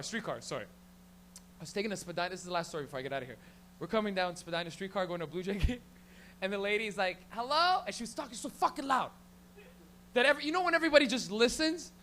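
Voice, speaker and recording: A man's voice: sits high, sharp tone, slight background noise. A man hosting an open mic comedy night in a small lounge, telling rambling, profane stories on a handheld mic. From Canada. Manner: profane, rambling, rapid storytelling. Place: small lounge venue stage.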